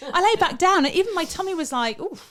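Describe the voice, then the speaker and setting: A woman's voice: extremely high pitch, quick pace. A woman in her forties, a podcast co-host, telling stories with lots of laughs and acted-out quotes. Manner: animated storytelling, acting out quotes with laughs. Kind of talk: casual chat.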